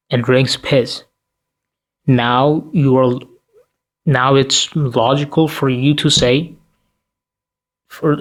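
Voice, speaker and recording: A sleepy man rants straight to camera in an ordinary mid-pitched voice. His talk is crude and cutting, full of rhetorical questions and swearing. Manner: profane, blunt, rhetorical questions. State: tired, sleepy. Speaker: commentary vlogger. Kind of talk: ranting commentary to camera.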